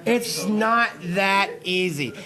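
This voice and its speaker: A man hosting a live internet talk show, telling a profane, rambling, excitable comedic rant. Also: sits high, slow.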